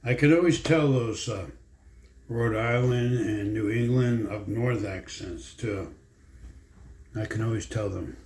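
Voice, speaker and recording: A man vlogs from a room at home, rambling casually from one story to the next in a folksy, meandering way. His voice is fairly low and darkish, with a measured pace, and the room sounds echoey with faint ambience.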